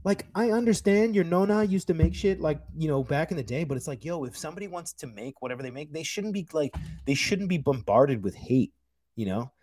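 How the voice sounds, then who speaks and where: A man from the United States, a chef, talking in a casual podcast chat, telling animated, profane stories with loud outbursts. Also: on the high side, brisk.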